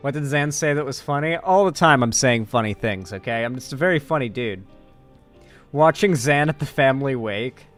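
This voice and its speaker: A man streaming casually, joking and reading his chat aloud in an animated way. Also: medium pitch, normal speed, faint music behind. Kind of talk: casual live-stream commentary.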